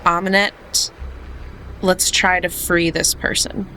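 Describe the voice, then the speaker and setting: A woman voicing an earnest, determined young heroine in a tabletop game, speaking in calm, sincere declarations close to her own voice. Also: on the low side, takes it slowly, slight background noise.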